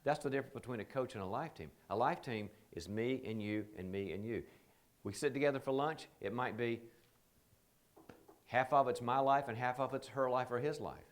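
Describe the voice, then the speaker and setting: A man's voice: mid-range voice, moderate pace. A man teaching a live training seminar in a conversational, joking way, often slipping into quoted voices.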